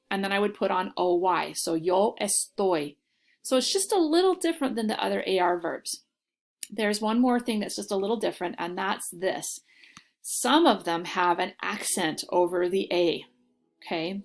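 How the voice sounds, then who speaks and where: A woman teacher giving a recorded lesson, explaining step by step and checking in with "okay?". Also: medium pitch. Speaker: Spanish teacher.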